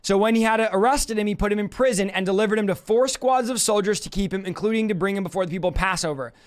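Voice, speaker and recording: A young man preaching a fiery sermon, shouting passionately in fast bursts and then slowing down for emphasis. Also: high voice, clear, resonant tone.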